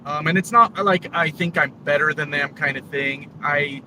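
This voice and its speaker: A trucker YouTuber with a steady, higher-pitched voice talks at a moderate pace to his viewers while driving his truck. It's a casual, rambling vlog full of fillers, recorded in the cab on the road with a distant mic and road noise.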